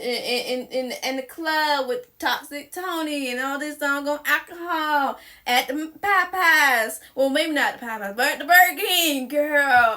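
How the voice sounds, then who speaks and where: Sassy, bright-voiced woman vlogger. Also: sits high. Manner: sassy, playful, addresses viewer as girl and sis. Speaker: wellness vlogger. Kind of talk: casual chatty advice vlog.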